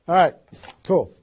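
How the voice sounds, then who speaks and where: A man giving a motivational seminar talk as a network marketing trainer, energetic and emphatic, firing rhetorical questions at a live audience. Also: fairly high pitch, breathy edge.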